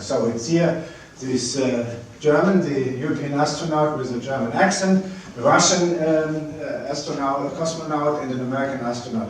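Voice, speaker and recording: A man with a slightly high voice gives a public lecture with slides, pausing often and restarting his sentences. He is picked up from some way off the mic. His voice rings through a large, very reverberant hall. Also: slight background noise. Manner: hesitant, many pauses and restarts. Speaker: space agency director giving a public lecture. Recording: very echoey hall, mic at a distance.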